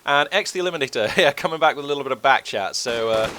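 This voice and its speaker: A man's voice: medium pitch, lively intonation, quick pace, sharp tone, a little hiss or hum. Man commentating with a cold. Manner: chatty and rambling, many fillers. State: has a cold, voice a bit low. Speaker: game commentator. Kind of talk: casual game commentary. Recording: game gunfire and artillery behind.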